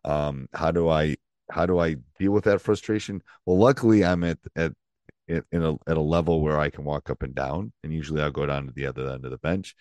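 Hosting his own podcast, a middle-aged basketball coach talks in a casual, meandering way, restarting his sentences again and again. His voice is extremely low and somewhat dark, his pace brisk, and the recording dry.

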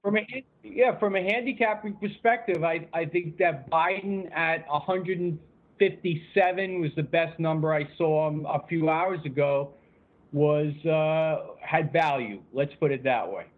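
A man's voice: a little high, unhurried. A man calling in as a guest on a sports show, wry and self-deprecating in casual talk. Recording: tinny phone line.

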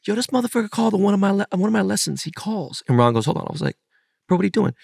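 A man speaks fast and with force in a gravelly voice, swearing as he hypes up a friend. The sound is dry and close, as in a casual podcast chat. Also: sits high, sing-song, darkish tone, no echo. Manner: fast, profane, emphatic. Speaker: podcast co-host.

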